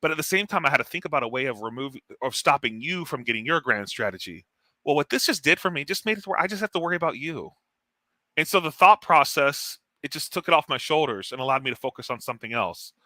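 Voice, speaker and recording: A man talking tabletop strategy as a guest, animated and blunt, laughing often. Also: fairly high pitch, fast talker, dry recording. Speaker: guest tournament player. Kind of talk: casual gaming strategy chat.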